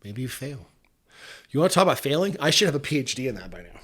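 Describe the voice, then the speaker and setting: Regular-pitched guy on a podcast, earnest and reflective, laughs a lot. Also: sing-song, quick pace, fairly bright tone. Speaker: podcast guest. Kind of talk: casual motivational podcast talk.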